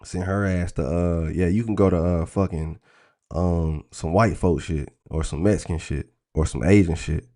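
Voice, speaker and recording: A man hosting a livestream, talking in a blunt, crude, animated rant full of profanity. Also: deep voice, normal speed. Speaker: trading stream host.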